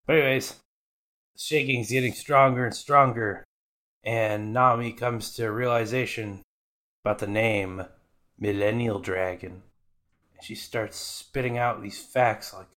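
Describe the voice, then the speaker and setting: Man, podcast host, low voice, casual recap, irreverent, swears a lot. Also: fairly even intonation, takes it slowly, long pauses, a bit bright. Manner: irreverent, swears freely, mock voices for characters.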